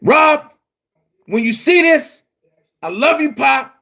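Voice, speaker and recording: A man delivering a heated, profane vlog rant as an online commentary host, often shouting and repeating himself for emphasis. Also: very high-pitched, expressive, slow pace, vocal fry. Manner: blunt and emphatic, repeats phrases.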